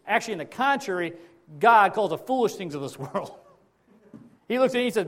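A male pastor preaching in a loose, conversational storytelling manner. His voice sits a little higher than most men's, and he often repeats and restarts phrases as he goes. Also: lively intonation, fast. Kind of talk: sermon.

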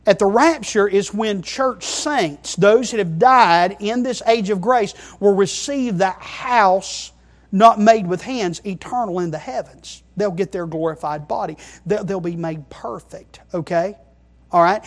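A man preaching a sermon, emphatic, moving between quiet asides and loud stressed phrases and often checking in with the congregation. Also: high voice, measured pace. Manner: emphatic, keeps checking in with "okay?".

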